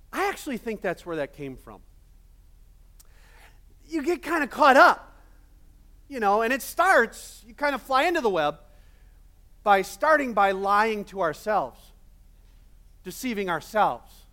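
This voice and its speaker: A male pastor preaching a sermon in a casual, animated storytelling manner with many fillers. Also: high voice, a little slow, long pauses.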